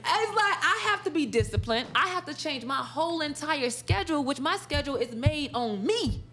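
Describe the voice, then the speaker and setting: A woman guest in an interview, telling stories in a casual, animated way, laughing often and acting out what others said. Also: high-pitched, normal speed. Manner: animated, laughs often, acts out quoted dialogue. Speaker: esports sportscaster and college instructor, interview guest.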